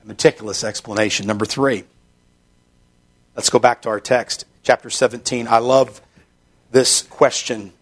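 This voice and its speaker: A man preaching a sermon, reading Scripture slowly and building to emphatic, fervent passages. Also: mid-range voice, fairly even intonation. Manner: emphatic, rising into fervent stretches; reads Scripture aloud in slow measured delivery.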